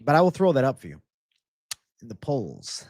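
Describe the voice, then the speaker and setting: A man's voice: mid-range voice, huge pitch swings, normal speed, a little mellow, no room sound, studio quality. A man hosting a live-streamed MMA betting show, ranting with profanity to his chat about fight props. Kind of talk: live-stream prop picks talk.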